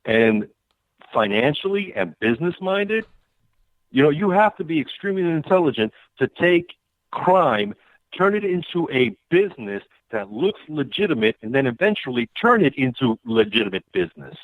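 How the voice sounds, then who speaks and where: A man's voice: fairly high pitch, moderate pace, no room sound. A man from New York City calling into a talk show by phone, opinionated and emphatic. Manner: opinionated, animated rise and fall. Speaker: caller. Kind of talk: casual phone chat. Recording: tinny phone line.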